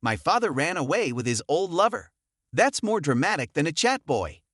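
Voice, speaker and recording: A man voicing a calm, morally rigid young man who speaks firmly. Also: a little high, moderate pace, dry recording, clean studio sound.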